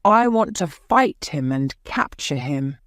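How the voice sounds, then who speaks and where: A woman's voice: low voice, animated, takes it slowly, dry recording, clean studio sound. A woman voicing a boastful, greedy male army sergeant in an audiobook, blustering as she speaks. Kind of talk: audiobook character voice.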